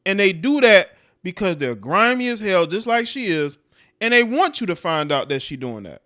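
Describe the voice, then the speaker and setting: A man's voice: high voice, sing-song, normal speed, sharp tone. A man hosting a livestream, giving blunt, profane commentary on clips and chat with frequent laughs. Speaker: livestream host reacting to clips.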